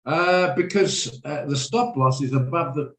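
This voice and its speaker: A man's voice: fairly high pitch, measured pace, fairly bright tone. Man explaining trades in a roomy room. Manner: explanatory, checks in with attendees by name. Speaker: trading room host. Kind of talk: live trading lesson over video call. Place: home office on a video call.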